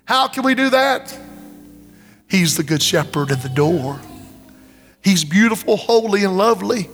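A man's voice: high voice, lively intonation, unhurried, a bit bright, faint music behind. A man preaching a revival sermon in a church, pleading and repeating his calls to step forward. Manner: impassioned, repetitive pleading calls. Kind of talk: revival sermon with altar call. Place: church sanctuary. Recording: long reverb of a church hall.

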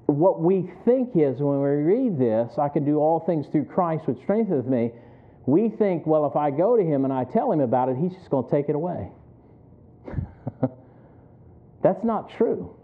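A man preaching an earnest, conversational sermon to his congregation, asking rhetorical questions. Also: fairly high pitch. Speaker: pastor. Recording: tinny phone-like sound.

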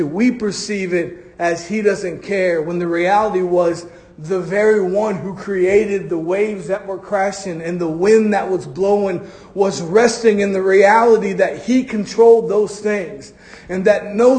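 In church, a pastor preaches to his congregation in a voice that sits high and is a little mellow. He stretches out key phrases for emphasis and acts out quotes.

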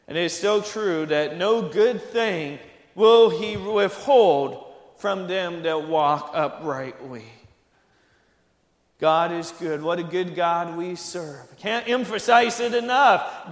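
Slow high-voiced preacher in an echoey hall. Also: male voice. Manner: slow, earnest, rising to emphatic peaks. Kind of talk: sermon.

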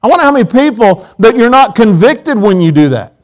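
A man's voice: high voice, big pitch swings, brisk, low-quality recording. A man preaching a sermon in a church auditorium, telling folksy personal stories with quoted asides.

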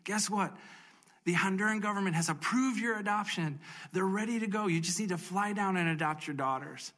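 Excited woman lawyer, put on by a male storyteller, pitched up and thrilled. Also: fairly quick. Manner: breathless, thrilled, raised pitch. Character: excited woman lawyer bearing good news.

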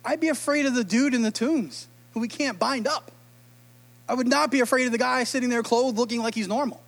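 High-voiced, animated male preacher. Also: fairly quick. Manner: animated, emotional storytelling. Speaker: pastor. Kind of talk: sermon.

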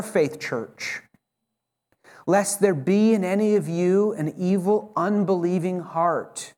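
A man's voice: sits high, lively intonation, slow, a little mellow. A male pastor preaching a sermon to his church, earnest and urging, often restarting his phrases as he presses a point. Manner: frequent self-corrections and restarts.

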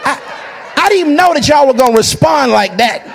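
A high-pitched male pastor preaches with a wide, swooping delivery. He jokes with the congregation and breaks into shouts at the climaxes. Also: a little fast, creaky, some chatter behind, slight background noise. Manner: animated, joking, shouting at peaks. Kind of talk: sermon.

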